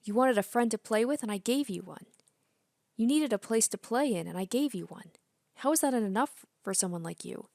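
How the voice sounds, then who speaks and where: A woman's voice: on the high side, lively intonation, brisk, vocal fry, darkish tone, no room sound, voice pushed up. A woman reading a bossy young princess girl. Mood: indignant. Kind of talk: reading game dialogue aloud.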